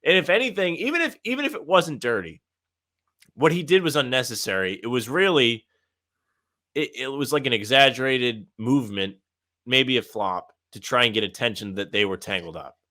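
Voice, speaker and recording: Animated ranting sports podcast man. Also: mid-range voice, moderate pace. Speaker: podcast co-host. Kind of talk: casual sports chat.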